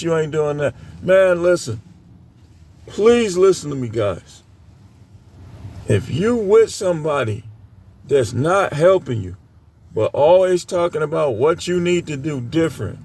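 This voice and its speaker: Middle-aged guy ranting about dating, high gravelly voice, blunt and preachy, scolding his viewers. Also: darkish tone, slight background noise. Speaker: dating commentator. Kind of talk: ranting commentary to camera.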